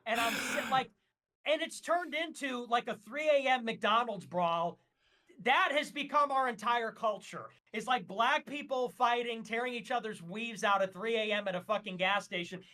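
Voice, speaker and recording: A man's voice: very high voice, lively intonation, normal speed, bright, forceful tone. A man talking as a guest on a casual livestream, ranting emphatically and with strong opinions, with frequent fillers.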